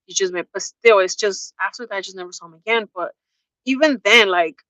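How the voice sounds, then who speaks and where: Young woman spilling a dating story to camera, bright voice, super chatty, dry sound. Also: medium pitch, fairly quick, no room sound, poor audio. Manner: chatty, candid, spells out swear words. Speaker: vlogger. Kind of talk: casual storytime.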